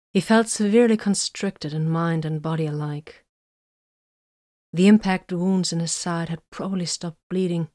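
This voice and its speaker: A woman narrating a story in an even, measured way. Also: deep voice, no room sound, clean studio sound. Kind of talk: story reading.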